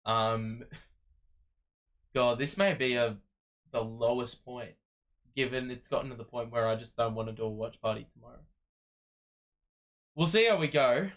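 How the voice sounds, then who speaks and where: A man's voice: mid-range voice, flat delivery, normal speed, long pauses, a bit bright. A man hosting a fan watch-party livestream, talking casually in a weary, frustrated way and rambling with frequent restarts.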